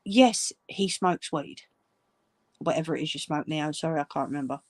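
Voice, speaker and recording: A woman's voice: deep voice, moderate pace, dry recording, studio quality. A woman ranting angrily at viewers, swearing and scolding. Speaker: channel host. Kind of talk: angry direct-to-camera rant.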